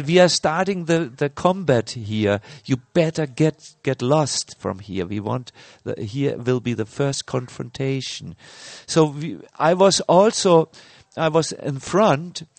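Middle-aged male spiritual teacher, slow and halting storyteller, slightly high voice, dry close sound. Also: no echo. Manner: slow, halting, many fillers and restarts. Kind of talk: sermon with personal story.

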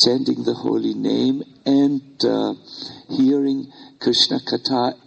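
A man's voice: mid-range voice, steady tone, takes it slowly, vocal fry, fairly bright tone, rough recording. An older man with a German accent, a German native speaker, giving an informal, hesitant talk with many fillers to a retreat group as a spiritual teacher.

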